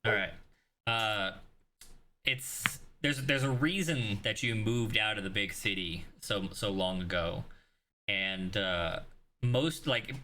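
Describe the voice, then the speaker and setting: A man narrates as game master of a tabletop game, his voice bright and forceful. He rambles through the scene with many fillers and restarts and swears casually. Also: fairly low pitch, a little hiss or hum.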